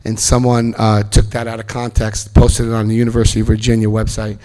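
Middle-aged man, storyteller at a talk; animated, acts out quotes, spikes into loud excitement. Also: fairly low pitch, fairly quick. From New Jersey, US. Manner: animated storyteller acting out other people's lines, bursts of loud excitement. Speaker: speaker telling his recovery story. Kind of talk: personal storytelling speech.

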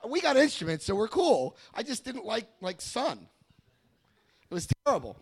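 A man's voice: extremely high pitch, huge pitch swings, normal speed, gravelly, slightly rough. A middle-aged American man giving a rambling personal testimony to a meeting, often repeating himself and acting out quoted voices. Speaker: recovery meeting speaker.

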